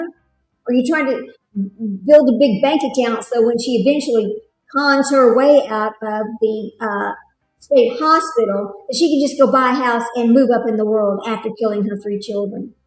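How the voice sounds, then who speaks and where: A woman's voice: on the high side, normal speed, reverberant, faint music behind, poor audio. A woman with a Texas drawl, chatting casually to viewers on her livestream commentary. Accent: Texan. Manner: chatty, laughs often, talks to viewers. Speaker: livestream host.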